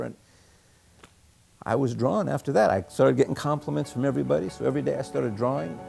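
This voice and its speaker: Gravelly man telling a childhood story. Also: a little fast. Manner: animated, acting out a shrill nurse. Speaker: local artist telling his story. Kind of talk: personal storytelling.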